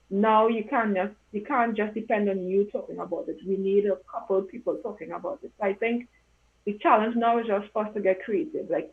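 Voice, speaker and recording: A woman from Trinidad and Tobago, an events consultant, answering interview questions in an earnest, encouraging way with frequent fillers. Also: medium pitch. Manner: earnest, encouraging, uses fillers like um and you know. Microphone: video call. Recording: tinny phone-like audio.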